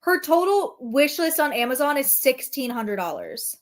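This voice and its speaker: Woman streamer, high voice, casual profane commentary, snarky. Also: sing-song, normal speed. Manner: profane, sarcastic, reacts to chat.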